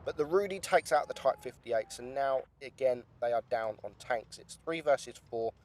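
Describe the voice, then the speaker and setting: A young man giving lively, chatty play-by-play commentary on a game replay, with some casual swearing. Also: medium pitch, moderate pace, a little hiss or hum. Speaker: gaming YouTuber.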